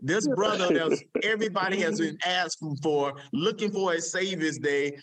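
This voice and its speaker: A man's voice: high-pitched, moderate pace, crowd noise. Emotional man hosting a live show. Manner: emotional, preacher-like, repeats phrases. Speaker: show host.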